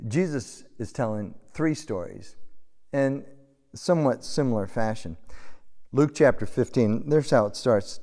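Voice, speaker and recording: A man's voice: medium pitch, a little slow. A middle-aged American man preaching a sermon and telling a story, in a conversational style. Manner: conversational storytelling, animated when shouting. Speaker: pastor. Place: church sanctuary. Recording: long hall reverb.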